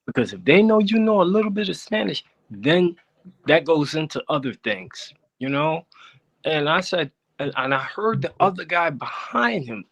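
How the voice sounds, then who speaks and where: A man from the United States calling in to tell an animated story, his voice jumping up high whenever he quotes himself. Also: moderate pace, highs cut off. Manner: animated, rising sharply when quoting himself. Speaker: caller. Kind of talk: storytelling on a call-in show. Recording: connection breaking up.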